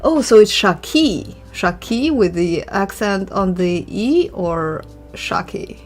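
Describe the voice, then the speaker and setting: A woman's voice: medium pitch, very animated, slow, darkish tone. A woman art vlogger chatting casually and musing aloud while she draws, opinionated and given to sighs. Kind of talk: casual chat while drawing. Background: faint background music.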